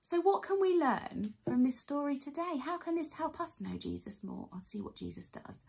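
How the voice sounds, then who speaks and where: A woman in her thirties leading a children's worship session, telling a Bible story in an animated way, with gasps and acted-out voices. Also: high-pitched, moderate pace, vocal fry.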